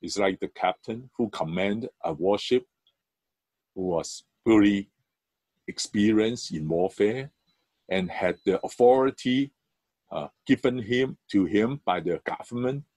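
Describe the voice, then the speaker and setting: A male church elder preaching at an unhurried pace, stressing key words with sudden lifts in his voice. The sound is dry and close, with no room reverb. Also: fairly low pitch, a little mellow, breathy edge. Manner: earnest storytelling, emphatic rises. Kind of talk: sermon.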